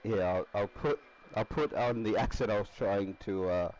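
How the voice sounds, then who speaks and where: A man's voice: lowish voice, normal speed, darkish tone, poor audio. A man casually commenting while building a rugby team in a game, rambling and laughing often. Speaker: gaming streamer.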